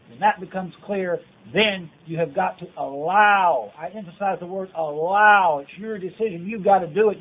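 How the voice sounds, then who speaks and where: A man preaching a taped sermon, earnest and exhortative, driving points home with repeated phrases. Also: sits high. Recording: tinny phone-like audio tape.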